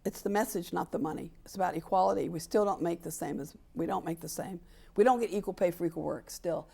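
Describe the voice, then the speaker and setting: Gravelly older woman, emphatic. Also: fairly low pitch, quick pace, warm tone. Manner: emphatic, acts out quoted dialogue, repeats for stress. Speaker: interview guest, sports equality advocate. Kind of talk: candid interview conversation.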